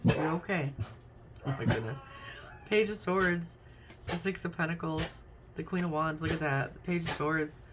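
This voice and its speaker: Over a very noisy background, a woman tarot reader speaks at normal speed in a low voice, naming each card as she chats and thinks aloud during a casual reading.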